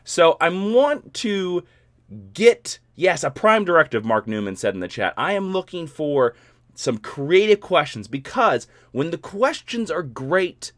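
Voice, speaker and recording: A man's voice: on the high side, unhurried, no room sound. Give me a playful man chatting to viewers on a live stream, in a dry, close recording. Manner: animated, rambling, playful. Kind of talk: casual live stream chat.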